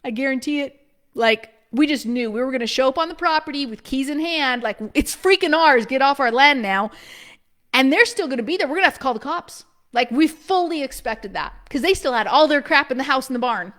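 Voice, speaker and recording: A preschool business coach with a bright, high voice tells a long personal story directly to her listeners. She talks in a loose, animated, chatty rush, full of "like," with quick laughs as she acts out things she once said.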